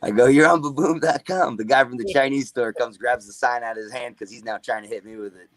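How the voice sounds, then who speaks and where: A man appearing as a podcast guest tells stories in a laid-back, loose and profane way, saying "dude" a lot. He talks fast in a steady, mid-range voice, and the recording is dry.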